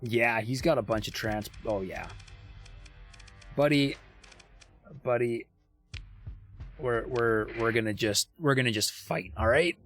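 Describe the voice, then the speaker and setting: A man's voice: medium pitch, slow, pauses often, fairly bright tone, faint music behind. A man casually commentating his game on a livestream, chatty and thinking aloud. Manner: chatty, thinking aloud, many restarts and fillers. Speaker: streamer.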